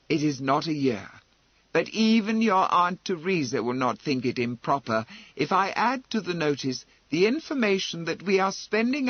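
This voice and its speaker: A man's voice: a little high, dry recording, lo-fi sound. A man reading a proud, derisive marquess who speaks in an abrupt, commanding and mocking way.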